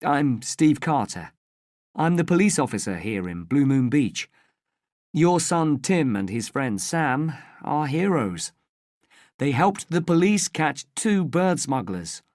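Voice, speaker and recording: A narrator voicing a friendly local police constable who speaks calmly and politely in a slow storybook reading. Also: medium pitch, no echo, clean studio sound. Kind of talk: storybook reading for English learners.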